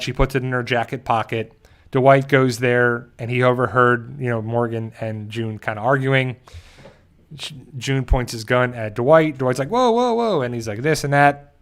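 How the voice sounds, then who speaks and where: This show host has a medium-pitched, fairly bright, clean-sounding voice. He casually recaps an episode for his channel, rambling with frequent restarts and briefly acting out the characters' lines in quick quotes.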